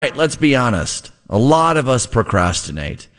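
A man in his forties hosts a live radio call-in show. He reads the sponsor copy loosely and jokes as he goes. His voice sits at a middling pitch. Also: big pitch swings, moderate pace, a bit bright. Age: 40s. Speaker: radio host. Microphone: studio microphone.

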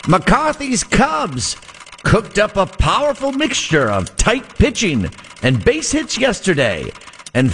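A man voicing a florid old-time male radio sportscaster in a theatrical, drawn-out period delivery. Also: sits high, a bit bright, slight background noise, voice pushed up, heavily acted.

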